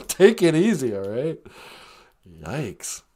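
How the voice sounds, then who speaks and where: A man's voice: fairly high pitch, big pitch swings, very slow, darkish tone. A man hosting a comedic live-stream podcast, joking casually and laughing at his own gags. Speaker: podcast host.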